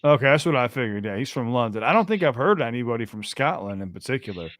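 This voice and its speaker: An American man hosting a call-in podcast, talking casually and excitedly, often restarting his phrases. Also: medium pitch, quick pace. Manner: chatty, repeats himself and restarts phrases. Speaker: podcast host taking calls.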